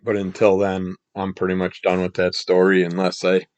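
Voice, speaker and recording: A man reviewing comic books in a casual, rambling monologue, his voice scratchy from the morning and his throat needing clearing. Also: sits low, moderate pace, dry recording, muffled recording. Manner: rambling, relaxed, trails off mid-sentence.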